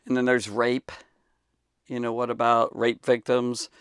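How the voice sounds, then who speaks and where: Gravelly male Bible teacher, dry close sound, emphatic off-the-cuff answer full of fillers. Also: medium pitch, completely flat delivery, fairly bright tone, no echo. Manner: emphatic, halting with many fillers and restarts. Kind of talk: unscripted talk to camera.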